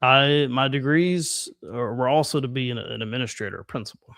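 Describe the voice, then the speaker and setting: A man's voice: medium pitch, fairly quick, gravelly, fairly bright tone, dry recording. Southern-accented male host, dry sound. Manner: casual, frequent short agreements. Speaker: podcast host. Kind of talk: casual conversational interview.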